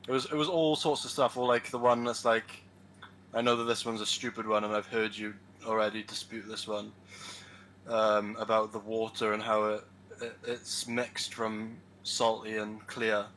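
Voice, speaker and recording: Hesitant man on a call, flat and low. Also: slight background noise, rough recording. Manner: hesitant, halting, many fillers and restarts. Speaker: caller, convert recounting his experience. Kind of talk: casual online call.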